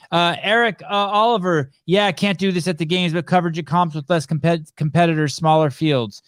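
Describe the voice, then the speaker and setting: A man's voice: on the high side, fairly even intonation, brisk, hardly any pauses, smooth, no echo, studio quality. A man hosting a live stream in a loose, joking way, chatting with his co-commentator and reading out viewer comments. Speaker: podcast host. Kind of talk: casual live-stream chat.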